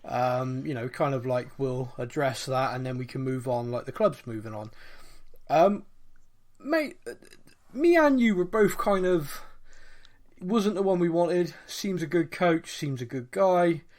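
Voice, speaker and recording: A man's voice: a little high, animated, unhurried, a little mellow. Chatty man hosting a podcast. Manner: chatty, laughs often, playful mimicry. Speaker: podcast host. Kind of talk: casual chat.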